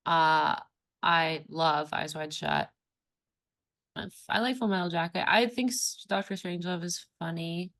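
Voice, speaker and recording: A woman co-hosting a casual film podcast, listing opinions in short, halting sentences. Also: lowish voice, a bit bright. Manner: halting, short lists with self-corrections. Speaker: podcast co-host.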